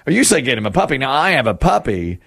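A man's voice: medium pitch, sing-song, fast, creaky, a bit bright. A man hosting a casual radio show, joking with co-hosts and reading quirky news stories aloud. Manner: jokey, reads news stories aloud with playful put-on voices. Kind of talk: casual morning-show banter.

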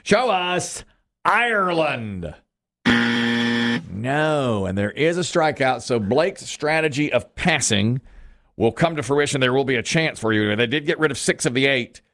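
Lively male game show host. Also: medium pitch, normal speed. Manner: upbeat, chatty, reads clues aloud.

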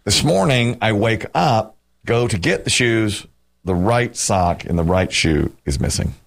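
A man in his fifties, a show host telling stories in casual banter, animated and quick to laugh. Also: lowish voice, gravelly. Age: 50s. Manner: animated storytelling, bursts of laughter.

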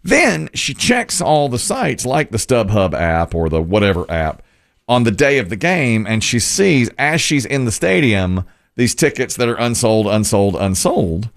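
Animated, gravelly-voiced male storyteller. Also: medium pitch, unhurried. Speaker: radio show host. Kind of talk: casual storytelling chat.

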